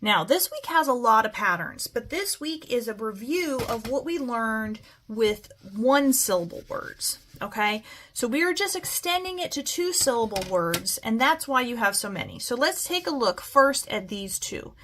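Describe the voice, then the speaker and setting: A woman's voice: fairly high pitch, expressive, moderate pace, hardly any pauses, fairly bright tone, a little hiss or hum. A woman teacher giving a patient, step-by-step spelling lesson, often checking in with "okay?".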